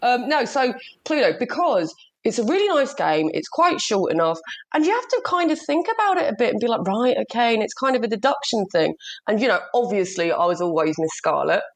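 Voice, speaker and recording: A woman co-hosting a casual podcast chat, chatty and quick to laugh and swear. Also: a little high, very animated. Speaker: podcast co-host.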